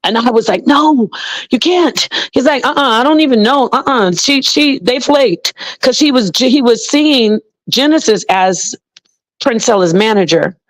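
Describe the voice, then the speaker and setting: A woman in casual chat, telling an animated story and swearing freely while quoting people. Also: on the high side, moderate pace, low-quality recording.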